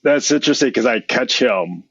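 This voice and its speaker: A man who is a guest and a father, talking in a halting way and searching for his words. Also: medium pitch, animated, a bit bright, breathy edge, no echo. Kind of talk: casual interview talk. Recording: dull muffled audio.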